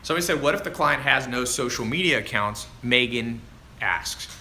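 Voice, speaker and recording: Male livestream coach, casual and chatty, forceful bright tone, faint background ambience. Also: mid-range voice, moderate pace, a little hiss or hum. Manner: animated and chatty, calls listeners dude and man. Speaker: online business coach answering live viewer questions. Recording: roomy echo with faint ambience.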